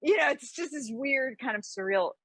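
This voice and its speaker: A woman from the New York area, a guest author telling stories in a casual interview, animated and full of restarts and fillers. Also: high voice, normal speed, dry recording. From New York area, USA. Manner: animated, lots of fillers and restarts, acts out quotes.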